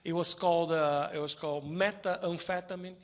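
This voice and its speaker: A man doing stand-up comedy, deadpan and chuckling at his own jokes, on a stage mic. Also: on the high side, normal speed, heavy background noise. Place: theater stage before a live audience. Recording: live show with crowd laughter. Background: audience laughter.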